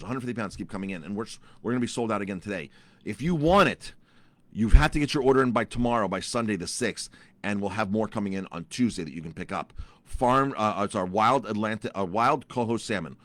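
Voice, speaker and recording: A man's voice: lowish voice, a bit bright, dry recording. A middle-aged man, a chef, telling a story in a casual vlog, ranting with animation and repeating his words often. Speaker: chef and restaurant owner.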